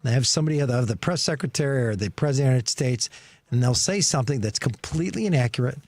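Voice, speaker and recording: A man's voice: mid-range voice, expressive, very fast, darkish tone. A man, a former state senator, co-hosting a radio talk show in studio, earnest and searching as he talks. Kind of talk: casual political chat.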